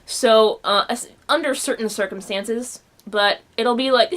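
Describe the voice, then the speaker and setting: A young woman telling a personal story in a home vlog, animated and expressive, acting out the quotes. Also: fairly high pitch, moderate pace, hardly any pauses, a little hiss or hum. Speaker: vlogger. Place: home room.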